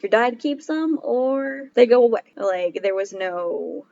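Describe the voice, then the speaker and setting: A woman's voice: on the high side, fairly even intonation, a little slow, gravelly, warm tone, highs cut off. A woman in her twenties co-hosting a podcast, telling stories casually, laughing often and acting out what people said. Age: 20s. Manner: chatty, laughs often, acts out quoted dialogue. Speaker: podcast co-host. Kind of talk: casual storytelling chat.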